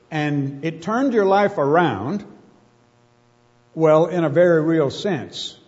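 A man preaching a sermon, emphatic and full of rhetorical questions, slowing down to stress key words. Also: on the high side, a little mellow. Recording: muffled sound with long hall reverb.

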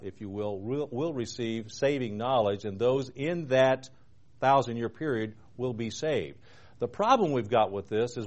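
A man hosting a televised Bible program, teaching earnestly, reading scripture slowly with emphasis and asking rhetorical questions. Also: medium pitch, a little mellow. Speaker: TV program host and preacher.

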